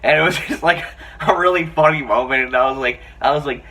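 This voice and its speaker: A man giving a casual, excited film review, chatty and full of fillers, often laughing. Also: on the high side, brisk. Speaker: movie reviewer. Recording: voice a bit far from the mic, faint background noise.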